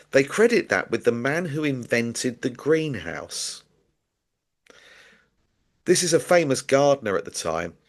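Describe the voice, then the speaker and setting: A man, a guest author in an interview, explaining his ideas casually with hesitant repeated words. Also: mid-range voice.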